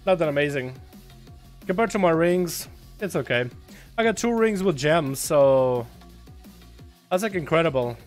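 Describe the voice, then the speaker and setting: A man streaming a game, chatting casually to his viewers, profane and excitable with sudden loud outbursts. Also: fairly high pitch, unhurried, long pauses, faint music behind. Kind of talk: casual livestream commentary.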